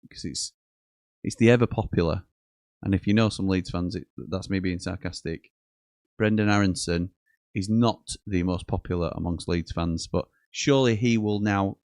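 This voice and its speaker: Man, live match watchalong host, low voice, dry close sound, jokey and chatty. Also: darkish tone, no echo. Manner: chatty, jokey, reads out messages and chuckles often. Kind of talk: live casual commentary reading viewer chat.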